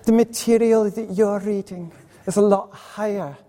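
A man voicing a chatty little old Scottish lady on a train, with a high, amused, knowing tone. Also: fairly even intonation, moderate pace, dark tone, big-room sound, a little hiss or hum, natural voice. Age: 70s.

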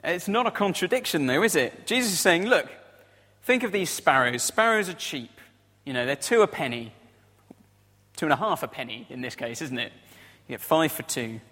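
A man delivers a sermon in an easygoing, conversational manner, often tagging his points with questions to the listeners. His voice sits a little higher than most men's, and long reverb trails behind it. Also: sing-song, moderate pace, sharp tone. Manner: conversational, frequent tag questions. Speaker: preacher.

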